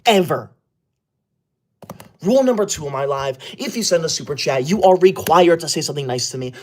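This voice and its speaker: A man's voice: a little high, animated, brisk, slight background noise, lightly acted. A man playing a bossy, touchy schoolboy livestreamer who is obsessed with rules, in a comedic livestream parody, talking in a scolding, indignant way.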